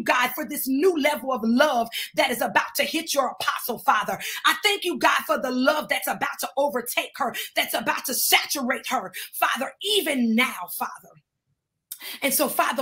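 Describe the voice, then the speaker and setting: A woman leading prophetic intercessory prayer, fervent, punctuating each phrase with "Father" or "God", swelling into shouts and speaking in tongues. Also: high-pitched.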